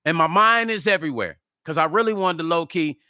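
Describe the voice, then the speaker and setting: A man vlogging to camera, telling a story in a casual, animated way, acting out the quoted lines and swearing freely. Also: a little high, a little fast, smooth, dry recording, studio quality. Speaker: music vlogger.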